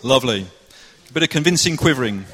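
A man's voice: mid-range voice, lively intonation, fast talker, a bit bright, husky. Cheerful man hosting in a hall. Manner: cheerful, playful, organizing. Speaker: presenter of a church drama. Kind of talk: casual stage hosting. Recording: echoey hall.

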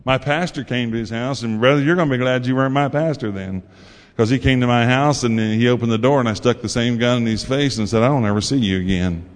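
A man's voice: mid-range voice, fast. A man giving a sermon testimony, telling his story in a folksy way and acting out the voices in it. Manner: folksy storytelling, acts out quotes. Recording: long hall reverb.

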